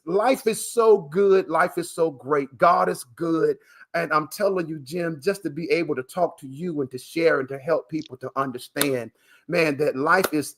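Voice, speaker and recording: A man being interviewed on a live video broadcast, talking emotionally and in a preacher-like way, with many fillers and repeated words. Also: high-pitched. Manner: emphatic and preacher-like, calling the listener "man". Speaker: guest, transplant recipient and coach. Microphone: live video call broadcast.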